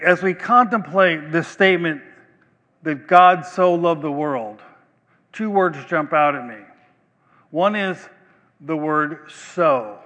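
Pastor, male, slightly high voice, deliberate emphatic delivery, church hall reverb. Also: a bit bright. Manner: slow, emphatic preaching with long pauses. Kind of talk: sermon. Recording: long reverb of a large hall.

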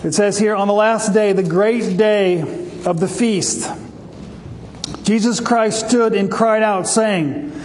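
A male preacher with a high voice delivers a passionate sermon and lifts his delivery when he quotes scripture. A long reverb trails each phrase, as in a large hall. A faint noise stays under the voice. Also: fairly even intonation, slow, darkish tone. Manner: passionate, rises for scripture quotes, some restarts.

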